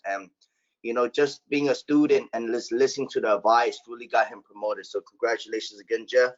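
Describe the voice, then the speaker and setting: A man's voice: mid-range voice, fairly even intonation, a little fast. A man running a sales team meeting over a call, blunt and casual, swearing now and then. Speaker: sales manager. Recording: dull lo-fi call audio.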